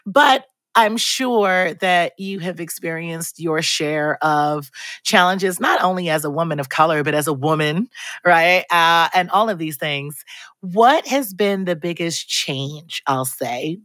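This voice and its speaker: Upbeat woman host chatting about drinks, lowish voice, dry close sound. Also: slow, a bit bright, no echo. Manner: enthusiastic, chatty, acts out quotes. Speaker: podcast host. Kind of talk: casual interview chat.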